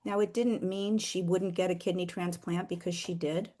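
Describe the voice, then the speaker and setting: A middle-aged woman earnestly sharing a personal faith story, slowing down for emphasis. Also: on the low side, steady tone, dark tone. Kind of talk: heartfelt personal testimony.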